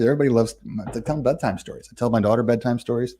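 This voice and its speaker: Here the livestream host and game company owner has a mid-range, warm voice, with slight background noise behind him. Fielding viewer comments about running games, he comes across blunt and self-assured, rambling quickly with plenty of fillers and restarts in a casual stream.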